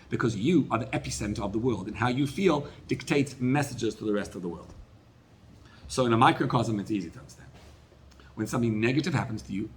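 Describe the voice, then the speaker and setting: A man, a rabbi, giving a sermon, rising to loud emphatic peaks and then dropping to quiet asides. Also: medium pitch.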